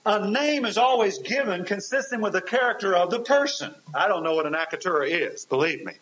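A man's voice: sits high, expressive, fairly quick, fairly bright tone. A man preaching a sermon, earnest, with rising and falling emphasis and rhetorical questions to his listeners. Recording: dull hissy lo-fi recording.

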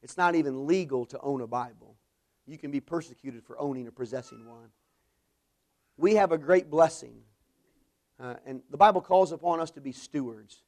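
A man preaching a sermon, swelling into emphatic bursts and dropping to quiet, low endings. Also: normal speed.

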